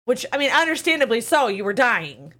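A woman's voice: fairly high pitch, sing-song, a little fast, a bit bright. A young adult woman hosting a live-streamed podcast in casual chat, telling stories candidly with strong emotion and swearing. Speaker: podcast host. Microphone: webcam or desk mic on a live stream.

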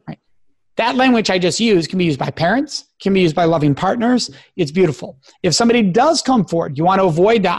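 A man's voice: high-pitched, lively intonation, brisk, a little mellow, dry recording, clean studio sound. A man who is a guest expert on a radio talk show, speaking earnestly and coaching listeners with example phrases. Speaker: guest expert on sexual respect.

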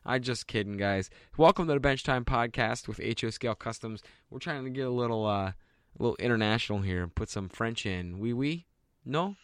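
A man's voice: mid-range voice, fairly quick, a bit bright, clear, resonant tone, no echo, clean studio sound. Jokey man hosting a podcast. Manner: jokey and upbeat. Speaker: podcast host. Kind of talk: casual podcast banter.

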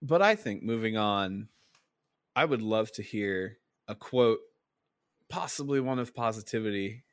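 Blunt podcast co-host, dry sound. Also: male voice, lowish voice, lively intonation, measured pace, smooth, no room sound. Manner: blunt, swears casually. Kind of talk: casual podcast chat.

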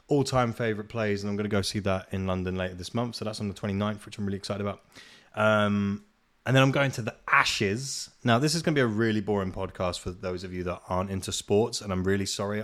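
A man hosting a solo podcast, ranting in a casual, exasperated way with plenty of swearing and self-deprecating laughs. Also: on the low side. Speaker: podcast host.

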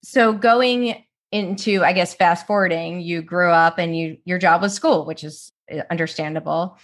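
Energetic middle-aged woman host. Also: fairly low pitch, normal speed. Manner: energetic, chatty. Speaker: interview host. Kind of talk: interview over video call. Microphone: video call.

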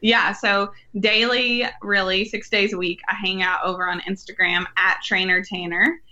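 A young woman, a podcast guest, telling a faith story earnestly and warmly, laughing now and then. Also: medium pitch, steady tone, moderate pace, lo-fi sound. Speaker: podcast guest, women's ministry leader. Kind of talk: faith-based interview conversation.

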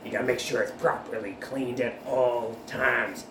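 A man's voice: medium pitch, steady tone, moderate pace, lightly acted. A man voicing an earnest male survivor hunter in a tabletop game who keeps lecturing about gun care. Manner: lecturing, repeats himself. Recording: roomy with background noise.

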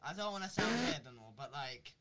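A man's voice: on the high side, expressive, fairly quick, sharp tone, faint music behind. A man bantering in a game's voice chat, slangy and laughing, saying "bro" a lot. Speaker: game voice-chat player. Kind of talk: casual banter. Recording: noisy voice chat.

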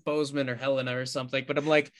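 A man's voice: medium pitch, little pitch movement, very fast. A man co-hosting a casual podcast chat, telling a story in a rambling, self-correcting way. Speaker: podcast co-host.

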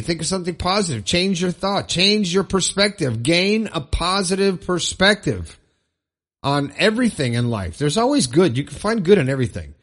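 A middle-aged man hosting a solo motivational podcast, upbeat and rambling, often repeating phrases for emphasis. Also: on the high side. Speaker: podcast host. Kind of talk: solo motivational talk show.

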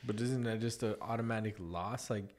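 A man co-hosting a podcast, teasing his friend with quick joking interjections. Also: on the low side, darkish tone. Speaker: podcast co-host. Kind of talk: casual chat with jokes.

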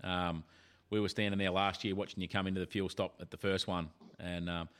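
A man's voice: low-pitched, flat delivery, brisk, a bit bright, clean tone. An Australian man co-hosting a podcast in casual chat, jokey and chuckling often. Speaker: podcast co-host.

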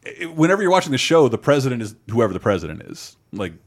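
A man hosting a podcast in casual, animated chat, swearing now and then. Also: mid-range voice, quick pace. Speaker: podcast host.

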